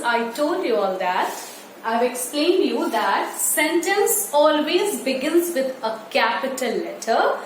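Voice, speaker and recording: A woman teaching an online English lesson to young children, repeating key words slowly and drawing them out. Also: sits high. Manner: slow, repetitive, stretching key words. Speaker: primary school English teacher. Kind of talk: online class lecture. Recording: distant, very echoey room with faint noise.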